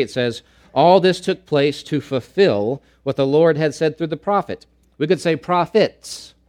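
Delivering a sermon at medium pitch, this male pastor returns again and again to key phrases, alternating forceful, loud declarations with quiet, unhurried passages.

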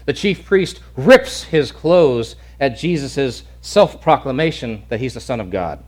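A man's voice: medium pitch, lively intonation, unhurried, darkish tone. A male pastor preaching a sermon in an earnest, emphatic way, often restarting and repeating words.

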